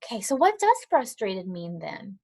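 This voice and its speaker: This woman has a mid-range, mellow, creaky voice whose pitch swoops wildly, delivered at normal speed. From home, with her dog nearby, she patiently encourages young children through an online lesson and reads aloud to them.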